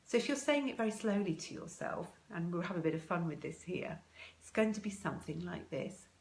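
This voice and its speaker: Brief: woman, low voice, calm and measured, coaching parents through breathing, echoey room. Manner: calm, slow and measured, with many ums. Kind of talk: live video talk guiding a breathing exercise.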